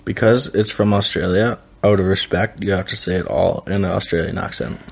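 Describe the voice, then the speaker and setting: A man guesting on a podcast in casual chat, teasing with deadpan jokes. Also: sits low, a little fast, vocal fry.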